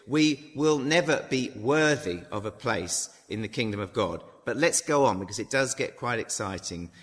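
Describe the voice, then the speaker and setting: Chatty preacher in a reverberant hall. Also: male voice, medium pitch, animated, moderate pace, a bit bright. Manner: conversational with many fillers and tag questions. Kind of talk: informal Bible talk.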